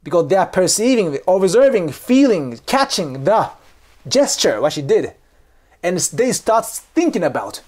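A man's voice: high voice, very animated, unhurried, darkish tone. A man from Japan with a Japanese accent, explaining culture in casual talk, emphatic, often checking "okay?" and acting out examples. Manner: emphatic, repeats "okay?" and "seriously", acts out examples. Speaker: cultural commentator.

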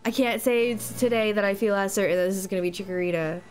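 A young woman streaming a game playthrough and commentating, excitable, swearing and shouting at big moments. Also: medium pitch, fast, faint music behind.

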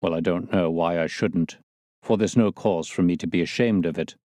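A bitter, broken old soldier, as a male reader voices him, telling his tale slowly and heavily. The voice is very deep and the recording is dry and close. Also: dark tone, no echo, lightly acted. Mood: brooding. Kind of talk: audiobook character reading.

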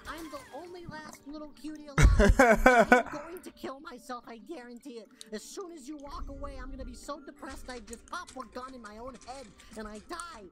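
An actor playing a tiny, cute cube creature from a game town, who rambles from sweet welcome into hysterical despair. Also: male voice, extremely high pitch, moderate pace, hardly any pauses. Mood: panicked. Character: tiny cute cube townsman, unhinged, melodramatic. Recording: game audio with music behind.

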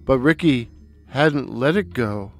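A man narrating a dark, comic short story in a sardonic, deadpan, deliberate way. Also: mid-range voice, faint music behind. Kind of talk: dry, wry spoken storytelling.

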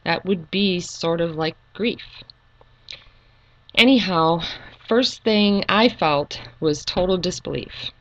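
A middle-aged woman talking earnestly and hesitantly in a personal video monologue, pausing with frequent ums. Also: lowish voice, dull audio. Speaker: YouTube channel creator.

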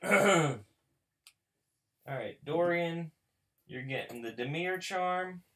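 Man, card pack opening host, casual commentary, slow pace, bright forceful tone, self-mocking, excited outbursts. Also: fairly high pitch. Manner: chatty and self-mocking, bursts into excited shouting.

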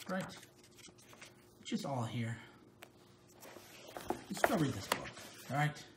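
A man, his voice pitched a little high, rants casually to camera as a political commentator. He sounds mocking and sarcastic, hammering his points with emphatic, scornful delivery. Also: a bit bright, echoey room, slight background noise.

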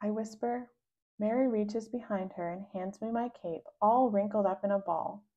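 A woman reading a children's book aloud, voicing the child narrator with sudden high, loud outbursts. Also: fairly even intonation, normal speed, narrow, tinny audio. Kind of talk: read-aloud storytelling.

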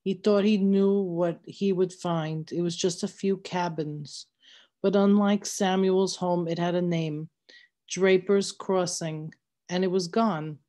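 A woman reading a novel aloud in steady, measured narration. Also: on the low side. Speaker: reader.

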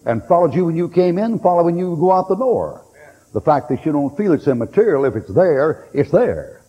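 A man's voice: a little high, big pitch swings, a little fast, husky, highs cut off. A man preaching a sermon in a folksy storytelling way, acting out the voices in his stories. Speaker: pastor. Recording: reverberant hall recording.

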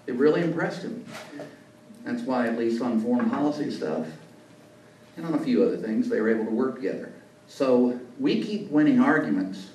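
A man's voice: mid-range voice, expressive, moderate pace, darkish tone. A man, a journalist giving a talk to a lunch club, telling anecdotes with folksy asides. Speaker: guest speaker, journalist. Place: meeting room. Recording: echoey room, distant mic, faint noise.

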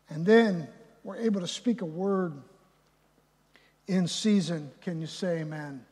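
Male pastor preaching live in church, swings from loud to soft, lots of hall echo. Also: a little slow, long pauses. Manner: swings from loud and emphatic to quiet and low, with restarts. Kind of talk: live sermon. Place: church sanctuary.

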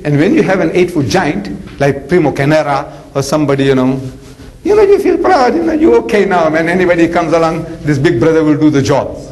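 A man preaching a lecture, animated and jokey, telling stories with acted-out voices. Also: on the high side, fairly quick, low-quality recording. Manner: animated, jokey, acts out characters. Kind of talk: lecture with dramatic storytelling.

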